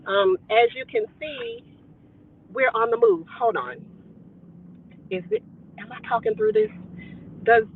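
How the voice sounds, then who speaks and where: A woman's voice: fairly high pitch, sing-song, a little slow, creaky, long pauses, slightly rough. A woman hosting a casual live stream from inside a car, playfully greeting her viewers by name through a headset. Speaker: homestead channel host. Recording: tinny phone-like audio.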